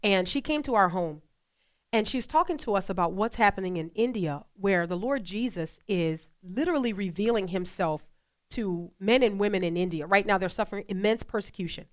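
A woman's voice: mid-range voice, animated, fairly quick. A woman co-hosting a faith talk show, speaking with passion and repeating phrases for emphasis. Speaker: co-host.

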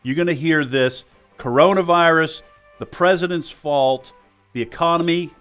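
A man co-hosting a talk radio show, reasoning through points with hesitant restarts and quick agreeing asides. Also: on the high side, fairly bright tone, clear, resonant tone, faint music behind. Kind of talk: conservative talk radio discussion.

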